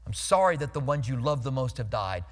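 A male pastor preaching a sermon in a conversational, storytelling way, emphatic, dropping his voice low for serious points. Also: big pitch swings, brisk, long reverb tail.

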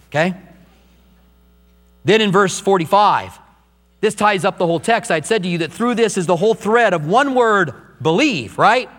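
An older man, a pastor, preaching a sermon with animated delivery and acted-out quotes. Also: high voice. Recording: long hall reverb, faint mains hum.

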